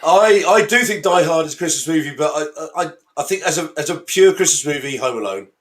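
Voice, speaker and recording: A man's voice: on the high side, animated, a little fast. A man co-hosting a podcast, blunt and sweary in casual banter. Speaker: podcast co-host.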